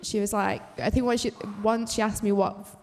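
Gravelly woman with light Mancunian accent. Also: medium pitch, steady tone, fairly quick, a little mellow. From Manchester, England. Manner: candid, swearing, laughing asides. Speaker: panel guest. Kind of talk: casual discussion. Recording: roomy hall reverb.

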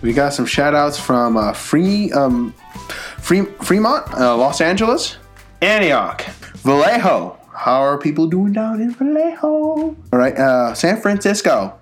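A man co-hosting a faith podcast in a church radio studio, laid-back as he reads out listener shout-outs. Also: fairly high pitch, very animated, a little slow, soft background music. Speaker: podcast co-host. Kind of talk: casual radio chat.

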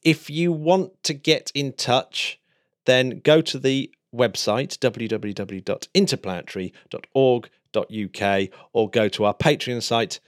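A man's voice: mid-range voice, unhurried. A man hosting a casual podcast, chatty, laughing easily and often restarting his sentences. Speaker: podcast host.

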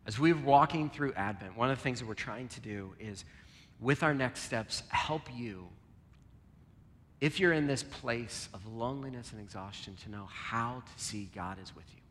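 A man preaching a sermon and leading a closing prayer, earnest, moving between loud emphasis and a soft near-whisper. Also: mid-range voice, normal speed. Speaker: pastor. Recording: long reverb, soft guitar behind.

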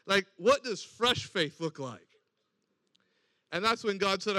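High bright-voiced male preacher. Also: expressive, slow, no room sound. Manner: storytelling with acted-out quoted dialogue. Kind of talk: sermon.

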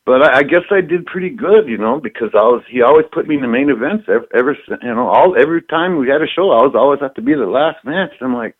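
A middle-aged former pro wrestler from Minnesota, telling rambling stories in an interview, repeating himself and laughing often. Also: male voice, mid-range voice, animated, a little fast. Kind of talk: casual storytelling interview. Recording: tinny phone line.

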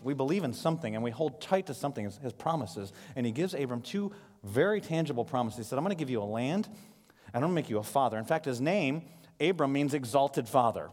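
A man in his thirties preaching a sermon from a stage, telling stories in an animated way with quick asides. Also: mid-range voice. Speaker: pastor. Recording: live sermon in a reverberant hall.

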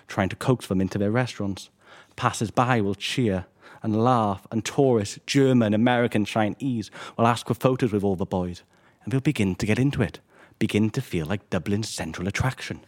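A man, an author, reading his own fiction in a measured, wry way and answering questions. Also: lowish voice, a little mellow.

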